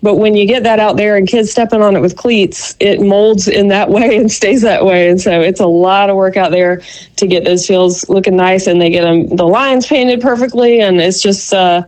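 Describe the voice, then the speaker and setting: A woman giving a youth league report on a radio show, unhurried and full of fillers. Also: mid-range voice, steady tone, darkish tone, poor audio. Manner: unhurried, filler-heavy, self-deprecating. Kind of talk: casual radio chat.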